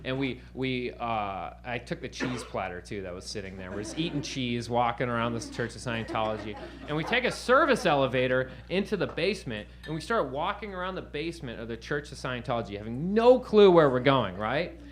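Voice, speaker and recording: On a comedy stage before a live crowd, this man rambles through a profane story, asking "right?" again and again. He sounds very animated and fairly quick at a medium pitch, with few pauses, a little hiss or hum, and laughter from the audience in the room.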